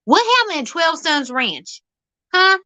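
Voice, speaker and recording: A woman's voice: extremely high pitch, sing-song, measured pace, pushed and bright. A woman hosting an outdoor vlog, rambling in a folksy, teasing comic monologue. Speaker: vlog host.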